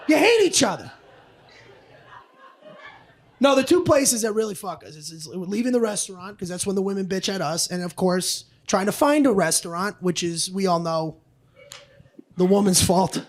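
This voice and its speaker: A man's voice: high-pitched, expressive, moderate pace, long pauses. A man doing a stand-up comedy routine on a club stage, brash and profane, often slipping into other people's voices.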